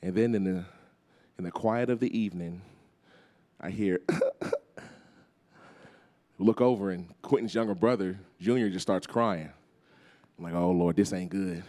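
A man's voice: low-pitched, unhurried, long pauses. A man preaching a storytelling sermon as guest speaker, acting out voices and calling on the congregation to respond. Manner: animated, acts out voices, calls on the crowd.

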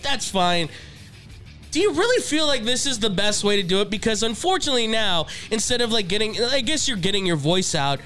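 A man co-hosting a casual sports podcast, rambling and animated, laughing often. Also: sits high. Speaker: podcast co-host.

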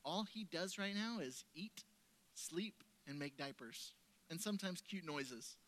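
A man preaching a sermon at a church service, his fairly high voice bright and forceful. He tells stories in a conversational way, pushing some lines out loudly and letting others fall soft and low. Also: expressive, measured pace. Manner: conversational storytelling, swinging between loud emphasis and soft lowered tones. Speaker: pastor.

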